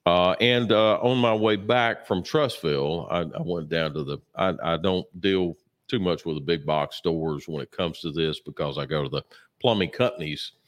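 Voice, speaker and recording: A man with a very low, deep voice chats casually as a co-host. He rambles through his stories with plenty of fillers, restarts and throat clearing, sounding a bit sore and sluggish. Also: moderate pace. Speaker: podcast co-host. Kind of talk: casual chat.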